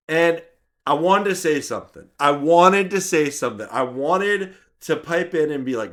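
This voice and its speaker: A man vlogs a story with a lively voice that swoops up and down, pitched a touch high. He narrates with self-mocking humor, repeating himself for effect. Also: moderate pace. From Canada. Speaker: YouTube channel host. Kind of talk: vlog storytelling.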